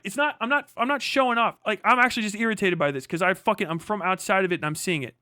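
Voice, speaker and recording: A man's voice: high-pitched, quick pace, few pauses, no room sound, clean studio sound. A young man streaming live from home, swearing through a heated rant and reading chat. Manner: profane, shouting mock tirade turning to muttered asides.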